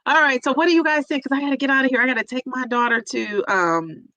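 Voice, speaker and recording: Middle-aged woman on a livestream, teary and rambly, bright voice, dry close sound. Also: high voice, quick pace, no echo, low-quality recording. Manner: emotional, teary, many fillers. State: tearful. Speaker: vlogger reading live chat. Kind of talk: casual livestream chat.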